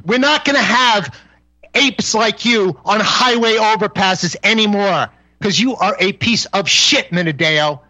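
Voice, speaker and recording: A man's voice: high-pitched, measured pace, sharp tone, dry recording, muffled recording. A man arguing on a call-in radio show as a guest, confrontational and profane, hammering the same insults over and over. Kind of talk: heated call-in radio argument.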